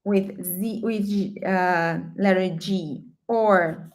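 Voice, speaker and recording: Woman, language teacher, slow unhurried delivery, patient check-ins. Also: medium pitch. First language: Portuguese. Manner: patient, checks in with "okay?" often. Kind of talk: language lesson.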